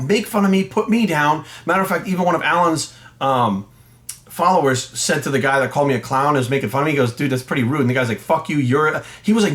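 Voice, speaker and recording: Middle-aged male fitness coach, voice a little high, blunt and profane, animated rant to camera. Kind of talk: ranting monologue to camera.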